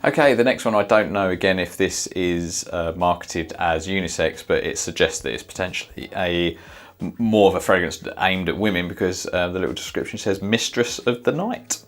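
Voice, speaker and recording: A man's voice: deep voice, normal speed. A man casually reviewing fragrances, thinking aloud with many fillers and reacting as he smells each one. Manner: sniffs and reacts in the moment.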